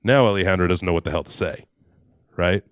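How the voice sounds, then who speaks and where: Brief: man, storytelling talk, lowish voice, dry close sound. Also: brisk, clean tone, dry recording. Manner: conversational, with fillers and acted quotes. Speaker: speaker.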